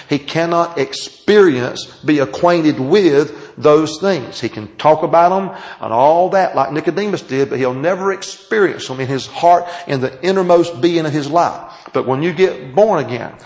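Gravelly-voiced preacher teaching a class. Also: male voice, a little high, low-quality recording. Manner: emphatic, drawn-out phrases, asks the audience questions. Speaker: pastor teaching a Bible class. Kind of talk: sermon. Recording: taped sermon.

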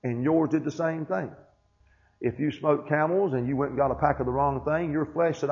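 A man's voice: a little high, normal speed. A male pastor giving a sermon to his congregation, often asking "Amen?" and reading aloud from a book. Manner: preaching with frequent "Amen?" check-ins. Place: church. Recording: dull lo-fi sermon recording.

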